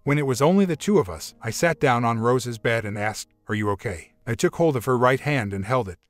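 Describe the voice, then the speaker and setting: A man narrating a first-person relationship drama story in a steady, even reading. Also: medium pitch, brisk.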